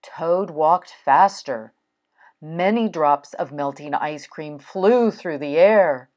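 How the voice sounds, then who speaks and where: A woman reading a children's storybook aloud in a slow, expressive storytelling manner. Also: sits low, dull audio. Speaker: storybook reader.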